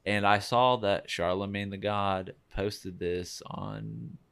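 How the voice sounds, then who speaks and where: A man's voice: on the low side, fairly even intonation, takes it slowly, vocal fry, a bit bright, smooth. A man co-hosting a podcast, talking earnestly and enthusiastically in casual chat. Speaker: podcast co-host.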